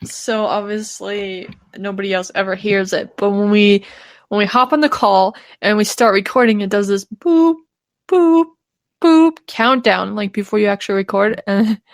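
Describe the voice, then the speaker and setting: A woman's voice: medium pitch, little pitch movement, moderate pace, no room sound. A young woman co-hosting a podcast in casual chat, giggly and laughing often as she talks. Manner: giggly, laughs often through her talk. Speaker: podcast co-host.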